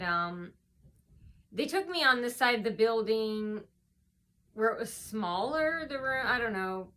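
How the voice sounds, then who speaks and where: A woman's voice: medium pitch, sharp tone. A woman vlogger telling a story in a casual, rambling monologue, full of ums and restarts, recorded indoors at home.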